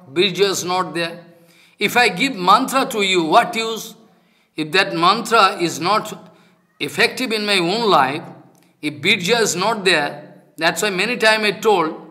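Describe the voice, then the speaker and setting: Male preacher, high bright voice, emphatic and repetitive, acts out the dialogue he quotes. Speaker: spiritual teacher. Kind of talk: devotional sermon.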